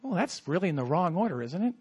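A man's voice: sits high, sing-song, fast, a little mellow, husky, highs cut off, soft background music. A man preaching a sermon as a pastor, telling stories animatedly and acting out quoted asides. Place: church.

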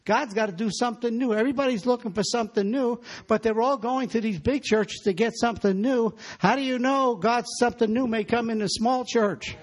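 A man's voice: extremely high pitch, fairly quick, hardly any pauses. A man preaching a sermon in a church, exhorting the congregation and calling for their responses.

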